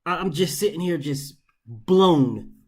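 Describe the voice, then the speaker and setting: A man's voice: on the high side, animated, slow. A man hosting a boxing commentary show, ranting in an exasperated, profane way and hammering points through repetition.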